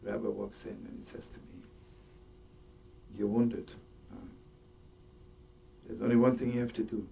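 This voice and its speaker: A man's voice: steady tone, moderate pace, gravelly, pauses often. A man telling a story as a sermon, full of Yiddish words and laughter. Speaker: rabbi and storyteller. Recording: distant dull lo-fi recording with faint rumble.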